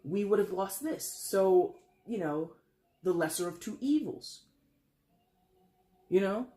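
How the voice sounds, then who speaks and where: A tarot card reader giving a casual, blunt reading, emphatic and laughing often, with casual swearing. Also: slow. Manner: animated, leaps in pitch for emphasis.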